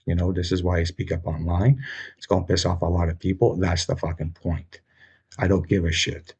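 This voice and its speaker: Man, deep raspy voice, flat agitated ramble with heavy swearing. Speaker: vlogger appealing for funds. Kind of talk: unscripted rant to camera.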